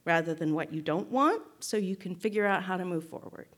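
A woman giving a reflective spoken teaching to a group, measured and thoughtful, often checking in with "right?" and restarting phrases. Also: lowish voice, expressive. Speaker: guest speaker.

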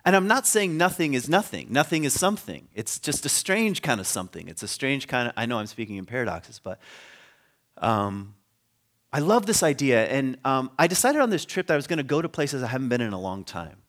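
Guy talking through bible history, loose and chatty, mid-pitched voice, keeps asking the audience questions. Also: very animated, fairly quick, fairly bright tone. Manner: conversational, laughs often, trails off and restarts; rhetorical questions to listeners. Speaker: speaker on biblical history. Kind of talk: informal teaching talk.

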